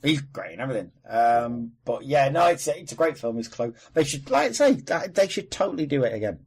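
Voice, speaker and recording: A man from Wales hosting a casual film podcast, chatty and prone to quick celebrity impressions. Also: medium pitch, sing-song, breathy edge. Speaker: podcast host. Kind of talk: casual chat.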